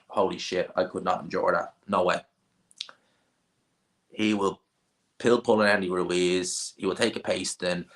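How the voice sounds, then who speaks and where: A man's voice: on the low side, a bit bright. Blunt, opinionated man. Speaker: boxing channel host. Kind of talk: casual live stream chat.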